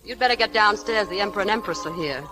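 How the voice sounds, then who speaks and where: An actress playing a witty, sarcastic young wife in a 1940s radio drama. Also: female voice, mid-range voice, background noise, natural voice. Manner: sarcastic, quick-witted.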